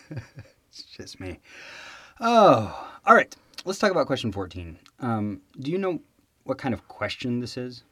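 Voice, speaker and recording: A man's voice: medium pitch, big pitch swings, normal speed, fairly bright tone, husky, no room sound. A man hosting a test prep podcast, telling a joke and giggling a lot. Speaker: podcast host. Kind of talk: casual chat and test prep.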